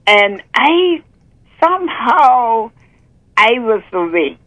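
A woman's voice: a little high, sing-song, slow, fairly bright tone. An older woman calling in to share a religious testimony, fervent and breaking into praise, her voice catching with emotion. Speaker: caller sharing a testimony. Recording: muffled phone line.

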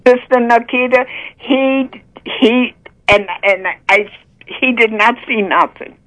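A woman's voice: a little high, slow, fairly bright tone. An older woman calling in to share a religious testimony, fervent and breaking into praise, her voice catching with emotion. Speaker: caller sharing a testimony. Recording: muffled phone line.

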